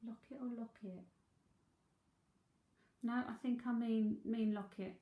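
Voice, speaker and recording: A woman's voice: fairly high pitch, steady tone, measured pace, warm tone. A woman with a London Cockney accent giving a live psychic reading, chatty and thinking aloud with frequent laughs. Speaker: psychic medium. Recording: roomy echo.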